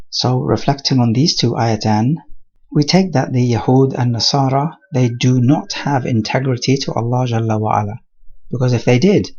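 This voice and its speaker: A man teaching a Quran commentary lesson in a measured, explanatory way, with Arabic terms mixed into his English. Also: mid-range voice, darkish tone, slightly rough, highs cut off.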